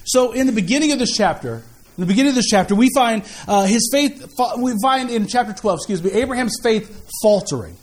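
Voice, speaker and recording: A man preaches to his congregation in a high, light voice. He talks in an animated, conversational way, restarting phrases and repeating himself as he works through scripture and prayer. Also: a little fast. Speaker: pastor. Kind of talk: sermon.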